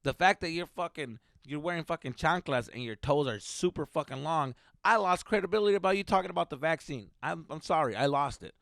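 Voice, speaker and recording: A man hosting a comedy podcast, ranting heatedly with constant swearing, swinging between loud outbursts and mutters. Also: on the high side, animated, fairly quick, creaky, few pauses, no echo, studio quality. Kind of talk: profane comedic rant.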